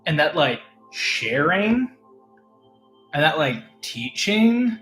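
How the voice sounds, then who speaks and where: A man with a fairly high voice rants sarcastically and swears freely. His talk swings between loud jabs and mumbled asides. The sound is roomy and echoey, with faint music behind him. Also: big pitch swings, slow. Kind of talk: casual ranting monologue.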